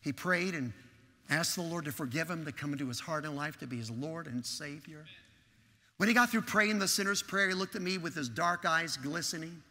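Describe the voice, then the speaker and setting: A man's voice: a little high, moderate pace, sharp tone. A man preaching a sermon in church, telling a story and acting out its dialogue with animation. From Texas. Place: large church sanctuary. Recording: long hall reverb.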